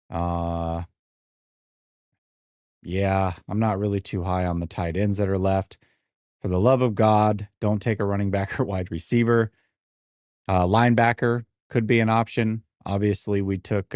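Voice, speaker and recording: A man with a lowish voice hosts a casual sports stream and reacts as events unfold. He rambles, repeats himself and tosses in wry asides. The sound is dry and close, with no room echo. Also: a little mellow. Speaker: sports show host.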